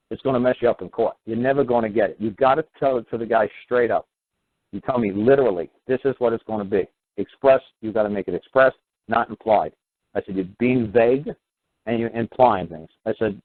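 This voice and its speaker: Man telling a story over a tinny line. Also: a little hiss or hum. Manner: animated, acts out quoted voices with rising pitch. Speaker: talk show host. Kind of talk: casual storytelling monologue.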